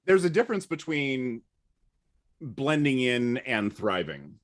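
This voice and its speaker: A man who grew up partly in England, telling stories in a relaxed chat with dry, deadpan humor. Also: medium pitch, takes it slowly. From United States, partly raised in England. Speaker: guest. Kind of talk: casual storytelling chat.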